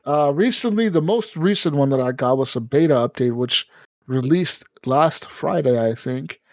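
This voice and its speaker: Man, podcast co-host, swears a lot, animated storytelling, fairly high voice, dry close sound. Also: moderate pace, no room sound. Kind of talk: casual gaming podcast chat.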